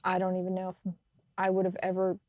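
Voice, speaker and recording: A woman co-hosting a podcast, telling stories in a lively, casual way and laughing often. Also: lowish voice, quick pace, dry recording, highs cut off. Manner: animated storytelling, laughs often. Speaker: podcast co-host. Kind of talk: casual faith chat.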